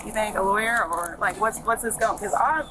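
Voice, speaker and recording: Fast, defensive young woman on body-cam. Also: mid-range voice. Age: 20s. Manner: defensive, repetitive "I said" retelling. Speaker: suspect questioned by police. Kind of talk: defensive explanation. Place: outdoors on a street. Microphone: police body camera. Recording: outdoor body-cam audio with background noise.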